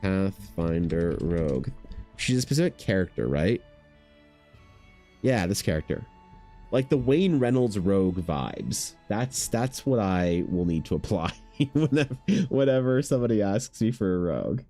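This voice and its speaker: A man with a low, mellow voice rambling through a casual livestream chat. He jokes about himself and riffs with his viewers as he works. Faint music plays behind him. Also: lively intonation, unhurried. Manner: rambling, self-deprecating, joking with chat. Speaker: artist streaming commissions.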